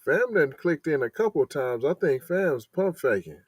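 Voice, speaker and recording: A man's voice: fairly high pitch, sing-song, moderate pace, slightly rough, dry recording. A man co-hosting a podcast, chiming in with short slangy remarks. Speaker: podcast co-host. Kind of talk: casual podcast banter. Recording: loud music bed underneath.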